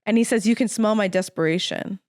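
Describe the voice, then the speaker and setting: A woman's voice: mid-range voice, fairly quick, no room sound, studio quality. A young adult woman co-hosting a podcast, casually recapping a TV episode and acting out the characters' lines as she goes. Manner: animated, acts out characters' lines while retelling. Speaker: podcast co-host. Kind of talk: casual chat recapping a TV show.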